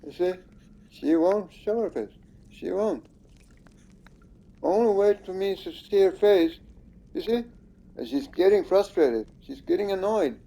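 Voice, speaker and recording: A man's voice: high-pitched, lively intonation, a little slow, vocal fry, pauses often, dark tone. A man giving casual, rambling commentary over his own gameplay, accusing and swearing at the screen.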